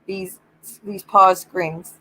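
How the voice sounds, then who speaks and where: A woman's voice: medium pitch, steady tone, extremely slow, sharp tone, poor audio. A woman hosting a livestream, telling gossip in a casual, chatty way, acting out what others said and swearing freely, often breaking into giggles. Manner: gossipy storytelling, acts out quoted lines, swears freely. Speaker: livestream host. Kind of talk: casual chat.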